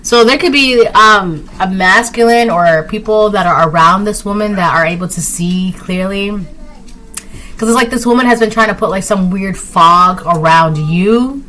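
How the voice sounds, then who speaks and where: A woman's voice: mid-range voice, normal speed, sharp tone. A woman giving a casual spoken tarot reading, rambling with lots of fillers and repeated phrases. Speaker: tarot reader.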